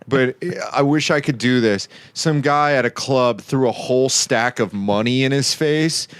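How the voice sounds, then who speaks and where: A man on a podcast spins animated anecdotes in casual chat, full of quick asides. His mid-range voice is recorded dry and close. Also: mid-range voice, clear, resonant tone, dry recording. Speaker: podcast guest.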